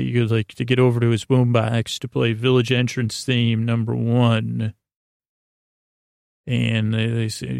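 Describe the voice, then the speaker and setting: A man with a gravelly, creaky edge tells a long story in a loose, meandering way, often stopping to search for words. He sounds close and dry, with no room around him. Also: mid-range voice, darkish tone, no room sound. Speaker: podcast host. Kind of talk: rambling storytelling monologue.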